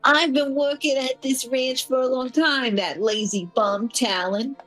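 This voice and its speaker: A woman's voice: high voice, unhurried, fairly bright tone, faint music behind, voice pushed up, low-quality recording. Ingo, a grumbling ranch hand voiced by a woman. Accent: put-on New York. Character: grumbling male ranch hand, put-upon working man.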